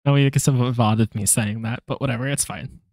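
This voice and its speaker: A man's voice: mid-range voice, fairly even intonation, fast, darkish tone, dry recording, studio quality. A man streaming his language study, chatting casually, joking and rambling, laughing often and trailing off with fillers. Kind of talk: casual live-stream chat.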